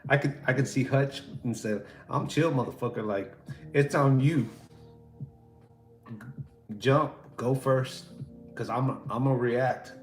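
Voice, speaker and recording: A man's voice: medium pitch, slow, pauses often. A man hosting a live stream, chatting casually in a rambling, laid-back and profane way while talking to viewers. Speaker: livestream host. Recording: roomy echo, faint music behind.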